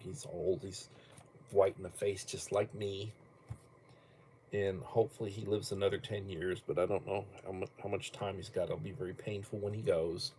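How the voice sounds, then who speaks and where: A man's voice: fairly low pitch, mellow, a little hiss or hum. An older man hosting a casual livestream from home, rambling bluntly and cursing casually between topics. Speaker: livestream host.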